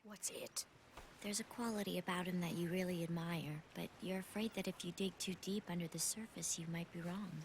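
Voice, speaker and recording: An actress voicing a composed, perceptive young woman in an anime dub, calmly needling the person she's talking to. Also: fairly low pitch, a little fast, a little hiss or hum, natural voice.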